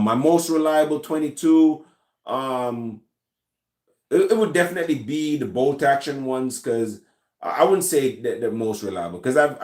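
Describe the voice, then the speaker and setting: A Jamaican man chats casually with his viewers and answers their comments. He rambles along loosely and restarts his sentences often. His mid-pitched voice rings out in an echoey room. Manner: relaxed, rambling, many fillers and restarts. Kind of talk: casual live chat. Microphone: recorded in a room with his gun collection.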